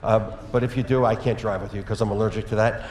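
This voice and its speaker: A man preaching a sermon as pastor, telling a personal story in a conversational way with lively asides. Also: lowish voice, quick pace, noisy background. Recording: echoey hall with long reverb.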